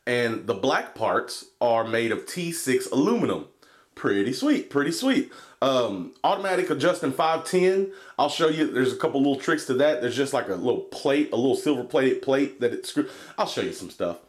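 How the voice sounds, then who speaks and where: A man's voice: medium pitch, animated, normal speed. A man reviewing a vape box in a rambling, swearing, laid-back vlog. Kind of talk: casual product review vlog.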